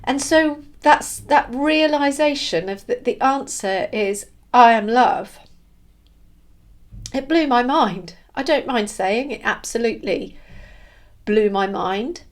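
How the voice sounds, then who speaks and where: A woman giving an earnest, emotional spiritual monologue, halting and restarting as she searches for words. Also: fairly high pitch, animated. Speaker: spiritual vlogger.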